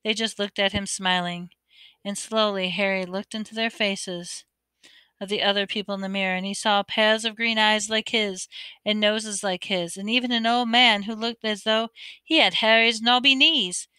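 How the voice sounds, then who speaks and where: A woman's voice: mid-range voice, fairly even intonation, normal speed, bright, forceful tone, clear, resonant tone, no echo. A woman narrating a novel chapter aloud, reading expressively with occasional stumbles. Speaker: audiobook reader. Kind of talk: amateur audiobook narration.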